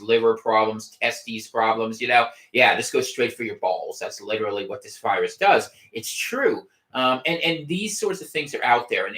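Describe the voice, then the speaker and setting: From a room at home, a man hosts a casual podcast livestream, rambling with wry gallows humor and often restarting his sentences. His voice is fairly low and a bit bright.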